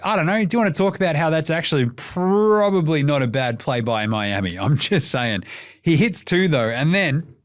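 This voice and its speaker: Profane, animated Australian sports host. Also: male voice, mid-range voice. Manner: animated, profane, jokey, mimics players. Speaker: basketball podcast host. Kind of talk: casual sports recap.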